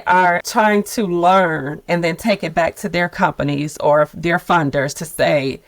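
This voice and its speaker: A nonprofit leader in her fifties tells the story of her sabbatical in a candid, expressive podcast conversation, laughing often. Her voice is on the low side at a normal speed, and the recording is dry.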